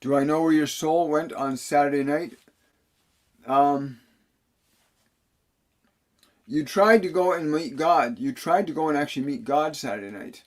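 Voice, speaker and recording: A man's voice: on the high side, a little slow, pauses often. A man working as a spiritual medium, reading viewer questions on a live stream and answering them earnestly, often repeating key phrases. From Canada.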